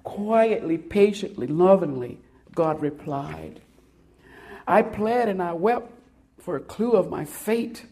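A woman preaching a sermon and reading a poem aloud. She speaks dramatically, swelling loud and then dropping to hushed, near-whispered lines. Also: lowish voice, lively intonation, slow pace.

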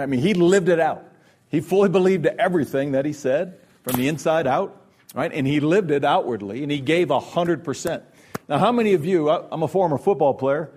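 Fairly high-pitched and a little mellow, a middle-aged man's voice carries an earnest, conversational Christian workshop talk styled like a sermon, with regular "right?" check-ins.

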